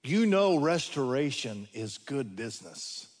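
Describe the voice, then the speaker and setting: A male preacher delivering a sermon, telling stories with folksy humor and dramatic pauses. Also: mid-range voice, sing-song.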